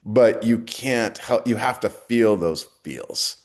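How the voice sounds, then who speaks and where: Middle-aged male podcast guest, lowish pitch, earnest reflective storyteller. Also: lively intonation, slow pace. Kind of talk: casual interview talk.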